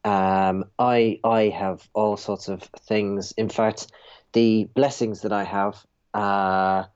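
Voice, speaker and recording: A man's voice: lowish voice, flat delivery, slow, darkish tone, smooth, highs cut off. A man voicing a shifty medieval relic seller with a dodgy accent and wheedling sales patter. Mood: boastful.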